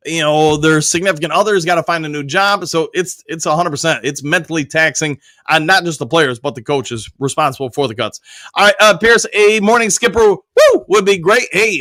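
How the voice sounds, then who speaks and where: A man's voice: sits high, bright, forceful tone, no room sound. A man hosting a live sports podcast, talking casually and reading viewer comments aloud before answering them. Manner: loose and conversational, with frequent restarts and fillers. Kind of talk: live-stream sports chat.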